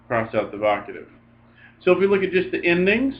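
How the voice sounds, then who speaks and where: Male teacher, mid pitch, patient list-drilling lecture, slightly muffled audio. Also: expressive, fairly quick. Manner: patient, drills forms aloud in lists. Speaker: Greek teacher. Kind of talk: recorded grammar lecture. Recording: slightly dull lo-fi recording.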